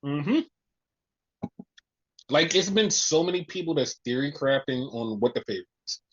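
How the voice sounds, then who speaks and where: A podcast host retelling a wrestling show in casual chat, animated and full of fillers. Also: mid-range voice, normal speed. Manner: animated storytelling, heavy use of "like". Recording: muffled lo-fi audio.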